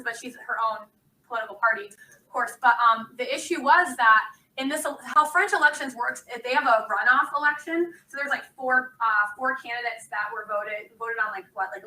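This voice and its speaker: Speaking loosely and conversationally, this instructor fills her lecture with frequent ums and uhs. She has a slightly high, very bright voice. A distant mic across the classroom captures her, and the recording quality is low.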